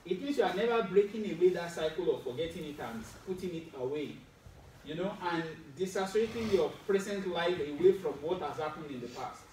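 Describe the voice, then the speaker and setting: A man's voice: a little high, animated, brisk, a little mellow, slight background noise. A man giving a Friday sermon, teaching with medical detail, putting questions to his listeners and adding wry asides. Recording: roomy echo, distant mic, faint ambience.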